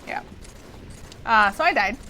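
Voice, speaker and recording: A woman's voice: on the high side, expressive, a little slow, sharp tone, slight background noise. A woman hosting a gameplay stream, playful and chatty while she plays and reads the chat. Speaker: stream host.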